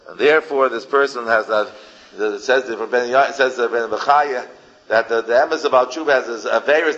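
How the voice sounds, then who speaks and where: A man's voice: mid-range voice, pushed and bright, muffled recording. A man giving an informal Torah lecture as a rabbi, emphatic and repeating phrases for effect. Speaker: rabbi teaching a class.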